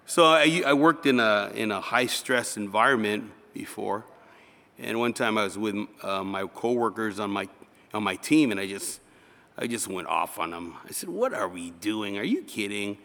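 A man's voice: on the low side, normal speed, vocal fry, sharp tone. A male pastor giving a conversational sermon, acting out little dialogues. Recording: reverberant hall.

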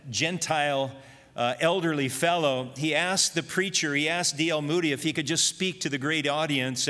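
A man's voice: fairly high pitch, pushed and bright. A man preaching a sermon in a church hall, earnest and reflective as he tells a story. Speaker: pastor. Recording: long reverb of a large hall.

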